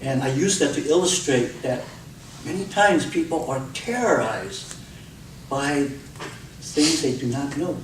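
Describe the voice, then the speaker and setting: A man's voice: medium pitch, measured pace, long pauses, background noise. A man giving a speech on public speaking, telling stories expressively and acting out the voices in them. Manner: expressive storytelling, acts out cries and quotes. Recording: echoey room from a distant mic, faint ambience.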